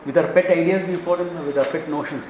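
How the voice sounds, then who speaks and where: A man from Kerala with an Indian accent, giving a Vedanta discourse as a spiritual teacher, animated and quick to act out little dialogues with chuckles. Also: a little high, echoey room, slight background noise, low-quality recording. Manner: animated storytelling, acts out dialogues, chuckles often.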